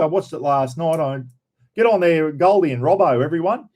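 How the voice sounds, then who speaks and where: With a slightly high, expressive, somewhat mellow voice at a moderate pace, an Australian man runs a camping channel's casual live chat. He welcomes viewers in a folksy, rambling manner, dropping "mate" and "bloody" often.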